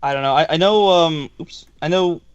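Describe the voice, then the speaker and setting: A man's voice: a little high, normal speed, smooth, dry recording, muffled recording. A man in casual chat on an art stream, rambling frankly and swearing freely.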